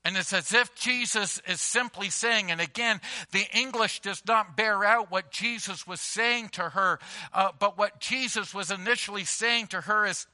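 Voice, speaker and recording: A man's voice: sits high, a little slow, sharp tone. A male pastor preaching a sermon to a congregation, emphatic and conversational, telling everyday stories with repeated phrases. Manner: emphatic, conversational storytelling with repetitions. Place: church before a congregation.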